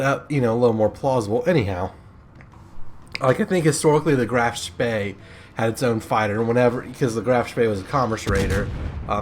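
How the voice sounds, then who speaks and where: A man's voice: mid-range voice, slight background noise. A young man casually commentating a game replay, rambling and joking with goofy asides. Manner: rambling, jokey, goofy mock French asides. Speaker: gameplay commentator.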